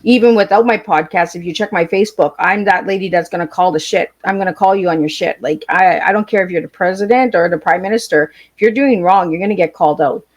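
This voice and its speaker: A woman's voice: on the low side, fast talker, hardly any pauses. A woman guest on a podcast, talking casually in a blunt, straightforward way. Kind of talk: casual chat.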